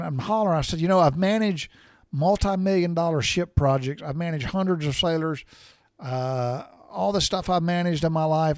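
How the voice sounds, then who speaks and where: A man's voice: fairly high pitch, darkish tone, no room sound, studio quality. A middle-aged man hosting a podcast, telling a story about himself in a casual, folksy, salty way and laughing at his own expense. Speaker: podcast host.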